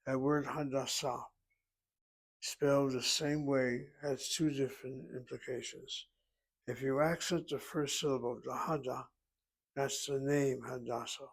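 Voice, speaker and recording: A man's voice: mid-range voice, fairly even intonation, unhurried, gravelly. A man teaching a Hebrew lesson, reading a dialogue aloud and explaining grammar step by step. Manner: methodical, reads dialogue then explains grammar. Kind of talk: self-paced language lesson.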